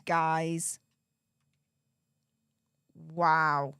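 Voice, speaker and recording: Her medium-pitched voice has a clean tone and measured pace, captured in a dry, studio-quality recording. Worn out after hours of streaming, this UK woman reads a book aloud live, chatting casually and tossing in sarcastic remarks.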